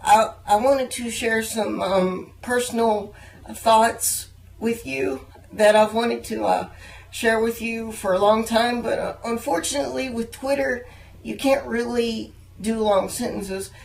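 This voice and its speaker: A young man interviewing a guest, earnest and halting, with frequent fillers and restarts. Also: extremely high pitch, steady tone, creaky, low-quality recording. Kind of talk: casual interview chat.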